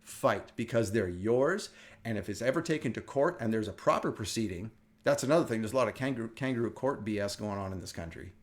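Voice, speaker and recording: A middle-aged man from the United States hosting a casual wellness talk, telling stories with animated energy and frequent laughter. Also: on the low side, quick pace. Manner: animated storytelling, laughs often. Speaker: wellness show host. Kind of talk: casual chat.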